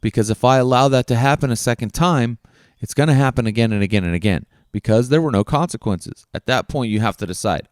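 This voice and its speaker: Man, podcast host, earnest coaching monologue, smooth resonant voice, dry close sound, frank with casual swearing. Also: medium pitch, fast talker, dry recording. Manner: earnest, coaching, asks many questions. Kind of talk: reflective self-help monologue.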